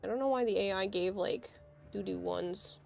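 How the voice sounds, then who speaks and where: A woman's voice: medium pitch, moderate pace, creaky, faint music behind. A woman, chatting casually on a livestream and explaining with amused laughs.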